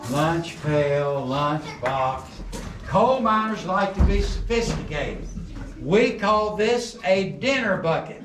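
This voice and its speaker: Taking his time, the middle-aged man guides visitors through a coal mine, an expressive, folksy storyteller full of jokes. His voice sits on the high side. The setting is an underground mine tunnel, and the audio is echoey and noisy, filmed from a distant camera.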